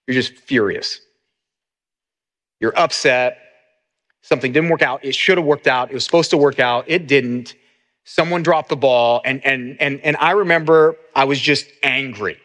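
A man's voice: medium pitch, fairly bright tone. A middle-aged man, a pastor, preaching a sermon in an earnest way, often repeating words as he restarts.

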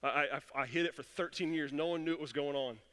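A man's voice: fairly high pitch, fast, pushed and bright. A man preaching a sermon as pastor, passionate and acting out the voices he quotes. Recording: long echo of a church hall.

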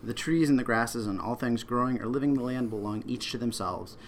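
A man reading aloud the lines of a serene, wise woman of the woods in a calm, lower voice. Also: a little fast, slight background noise, lightly acted. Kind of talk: reading a book passage aloud.

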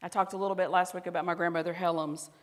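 A woman pastor with a Southern US accent delivers a conversational sermon in a fairly low voice. She talks to the congregation and at times drops to soft, intimate tones. The sound rings with the long reverb of a church hall. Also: flat delivery, fast talker.

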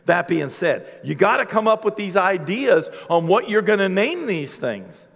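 A middle-aged male pastor telling stories in a sermon, animated and funny, his voice sitting a bit high for a man. It carries through a large church hall with a long reverb tail. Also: measured pace, vocal fry. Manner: animated, humorous storytelling.

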